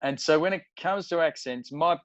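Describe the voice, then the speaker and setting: A man from Australia, an actor, talking about his craft in a relaxed interview, pausing often with fillers. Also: on the high side, no room sound, dull audio. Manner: thoughtful, halting with many fillers. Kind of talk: casual interview conversation.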